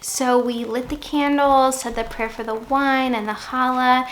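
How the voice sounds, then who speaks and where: A woman's voice: high voice, steady tone, unhurried, a bit bright, slight background noise, rough recording. A woman in her thirties, a mother, talking chattily in a casual home vlog, laughing easily and using fillers like "um" and "like". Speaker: vlogger and mother. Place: home, at a family dinner table and then in a quiet office.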